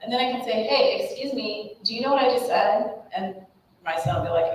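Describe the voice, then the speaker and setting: Woman guest speaker, animated parenting talk, far from the mic in a very echoey hall. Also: a little high, moderate pace. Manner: animated, acts out examples with nonsense sounds. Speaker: guest speaker on child behavior. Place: school room with audience. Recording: echoey room, voice from far off, faint noise.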